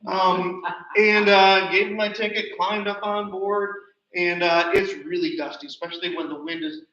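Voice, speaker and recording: A man giving a chatty, animated slide show talk about a birding trip. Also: high-pitched, normal speed. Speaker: presenter. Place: nature center hall. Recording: roomy, distant, dull livestream audio.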